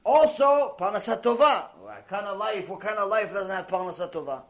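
A man's voice: high voice, brisk. A man teaching a mussar lecture, who tells stories with lots of life, repeats his phrases and mixes in terms. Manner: animated storytelling with Hebrew terms, repeats phrases. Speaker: Torah teacher.

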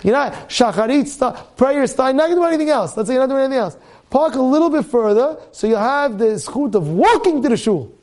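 A high-pitched man teaches a Torah class as a rabbi, stacking rhetorical questions and doubling back on his words. He slips into a raised voice when he acts out his students' complaints. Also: animated, brisk, a little mellow. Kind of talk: weekly Torah portion class.

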